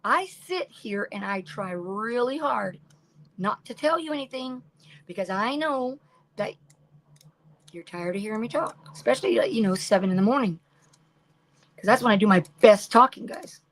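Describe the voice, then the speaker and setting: A woman's voice: mid-range voice, expressive, moderate pace, long pauses, slight background noise, low-quality recording. Chatty older woman crafting live. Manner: chatty, rambling, talks to chat viewers by name. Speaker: craft livestream host. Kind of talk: casual chat while crafting. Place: home craft room.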